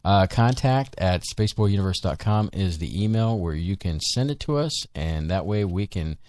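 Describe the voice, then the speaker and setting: A man's voice: sits low, lively intonation, normal speed, a little mellow, dry recording. A man co-hosting a live show, chatting casually, rambling with many ums and restarts. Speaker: podcast co-host. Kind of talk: casual live-stream chat.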